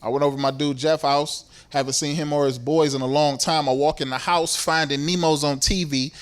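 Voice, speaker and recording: Exasperated high-voiced male comedian. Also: fairly even intonation, brisk. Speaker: stand-up comedian. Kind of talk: stand-up routine. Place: comedy club stage.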